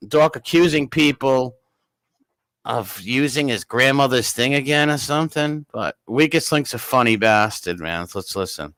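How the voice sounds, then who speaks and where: A man's voice: medium pitch, lively intonation, normal speed, fairly bright tone, no echo. A man hosting a casual livestream, rambling and greeting chat viewers by name. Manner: rambling, reads chat names aloud. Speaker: livestream host.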